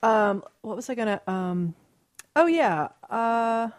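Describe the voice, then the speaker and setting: A woman's voice: a little high, lively intonation, takes it slowly. A woman hosting a casual conversation. She is chatty and meandering and laughs often. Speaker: podcast host.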